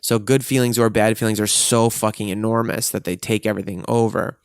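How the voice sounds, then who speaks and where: A man's voice: fairly low pitch, little pitch movement, a little fast, clear, resonant tone, dry recording, clean studio sound. A man speaking in a frank, profane and emotionally intense way, reflecting on himself in a personal monologue. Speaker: vlogger.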